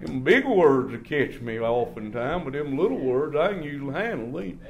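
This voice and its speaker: A man preaching a sermon in a church in a folksy, drawn-out way, often dropping to a low murmur. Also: lively intonation, vocal fry, highs cut off.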